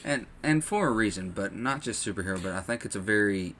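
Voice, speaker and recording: A man co-hosting a casual podcast chat, relaxed and full of fillers, acting out scenes he retells. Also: on the low side, quick pace, slight background noise. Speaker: podcast co-host.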